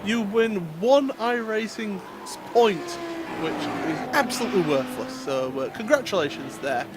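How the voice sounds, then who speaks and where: High-voiced male race commentator. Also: animated, a little slow. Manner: chatty, many fillers, laughs easily. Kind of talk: live sim racing commentary. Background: race car engine noise.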